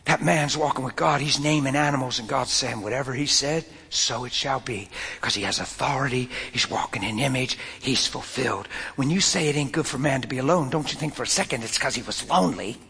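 A man preaching a sermon and telling a personal story, swinging from loud outbursts to near whispers. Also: medium pitch, a little fast, vocal fry, few pauses, breathy edge, in a large hall.

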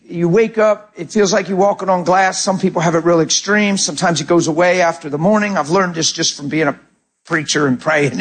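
Man, pastor, sermon, husky, storytelling with acted-out quotes. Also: sits high. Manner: animated storytelling with repeated starts and acted-out quotes.

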